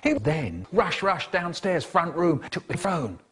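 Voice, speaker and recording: A man telling comic stories in an animated, expressive way, in chopped-up clips. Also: a little high, unhurried, slight background noise. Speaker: storyteller. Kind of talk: spliced comic storytelling clips.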